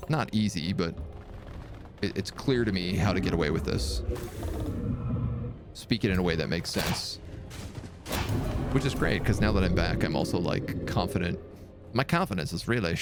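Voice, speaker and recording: Low, gravelly-voiced man streaming a game. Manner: chatty, rambling, laughs often. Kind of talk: live gameplay commentary and storytelling.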